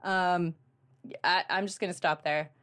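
Podcast cohost lady, gushy and excited, lots of ums, lowish voice. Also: measured pace, clear, resonant tone. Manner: gushing, animated storytelling with many ums. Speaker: podcast co-host. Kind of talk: casual book chat.

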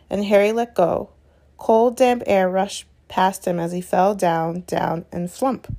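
Woman reading a novel aloud. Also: mid-range voice. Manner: steady, unhurried narration with small self-corrections. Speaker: reader.

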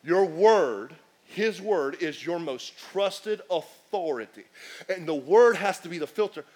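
Animated high-voiced male preacher. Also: measured pace, slightly rough. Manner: animated preaching with acted asides and shouts. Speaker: pastor. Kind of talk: sermon.

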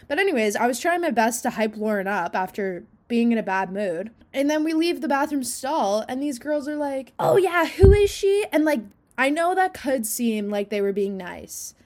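A young woman co-hosting a podcast in casual chat, giggly and rambling after a few drinks. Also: on the high side. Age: young adult. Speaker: podcast co-host.

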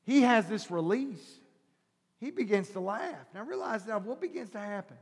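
High-voiced preacher man in a reverberant hall. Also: animated, moderate pace, slightly rough. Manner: swings from quiet teaching to high shouted preaching; calls the congregation brother and sister. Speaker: pastor. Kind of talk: sermon.

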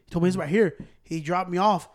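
High-voiced man telling a profane story. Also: quick pace. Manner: profane, animated, acts out quotes. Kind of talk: casual storytelling among friends.

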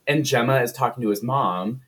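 A man's voice: medium pitch, a little fast, a bit bright. A man co-hosting a podcast, retelling a film plot in casual, profane chat and briefly putting on voices for the characters. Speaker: podcast co-host.

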